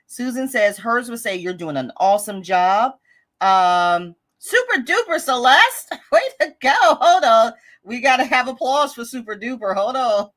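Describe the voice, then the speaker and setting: Lively, upbeat woman hosting a live stream. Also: a little high, unhurried. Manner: upbeat, encouraging, chatty, laughs often. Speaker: host of a budgeting live stream. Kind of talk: casual live-stream chat, reading viewer comments aloud.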